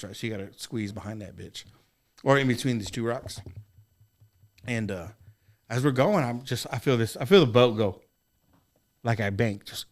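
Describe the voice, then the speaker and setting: A man in casual podcast chat, telling a fishing story with lots of profanity and lively acted-out exclamations. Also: mid-range voice. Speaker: podcast participant.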